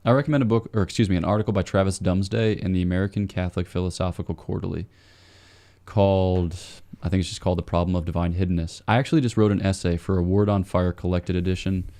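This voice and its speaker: A priest speaking as a podcast guest in a very low, mellow voice. He explains theology step by step in a measured, scholarly manner with the odd "um". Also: fairly even intonation.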